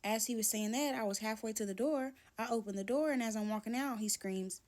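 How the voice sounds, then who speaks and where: A woman vlogger telling her own story in casual slang, with a dramatic, animated delivery. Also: medium pitch, normal speed.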